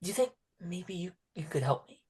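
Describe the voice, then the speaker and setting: A man voicing a timid, lonely teenage orphan girl who speaks haltingly and softly, often slipping into a whisper. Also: sits high, big pitch swings, slightly rough, exaggerated voice. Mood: pleading. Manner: hesitant, halting and soft-spoken, often whispering.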